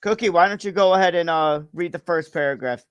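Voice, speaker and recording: A man hosting a storytelling wrestling show, hyping up matches with drawn-out showman pauses and reading the story aloud. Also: a little high, smooth, no room sound. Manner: showman, drawn-out hype, pausing for effect. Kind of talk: wrestling announcement and live read-aloud.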